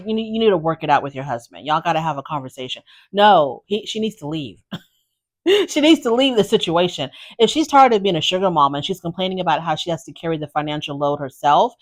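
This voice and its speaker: A woman giving blunt, opinionated commentary as a reality TV recap host, firing off exasperated rhetorical questions. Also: on the low side.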